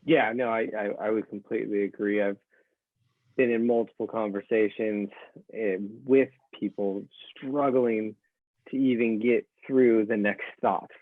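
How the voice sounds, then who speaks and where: Easygoing host on a tinny call. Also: male voice, on the low side, fairly even intonation, a little slow, no room sound. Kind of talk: interview chat. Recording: tinny dry call audio.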